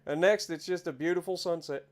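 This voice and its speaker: A man with an Appalachian accent giving chatty, excitable commentary while playing a driving game. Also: a little high, fairly quick. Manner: chatty, easily excited, exclaims at scenery. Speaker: game streamer. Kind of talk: casual gameplay commentary.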